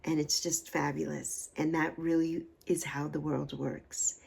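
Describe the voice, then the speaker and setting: A woman's voice: low-pitched, little pitch movement, a little slow, gravelly, hardly any pauses, a little mellow, slightly rough. A woman in her sixties hosting a livestream, talking in an effusive, heartfelt way and repeating phrases for emphasis while still emotional. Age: 60s. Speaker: livestream host. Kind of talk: heartfelt casual livestream chat.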